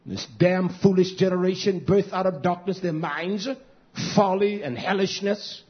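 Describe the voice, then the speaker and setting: Scolding high-voiced man preaching. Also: steady tone, a little slow. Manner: scolding, swings from low mutters and whispers to loud high outbursts. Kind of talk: fiery street-style sermon. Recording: muffled lo-fi recording.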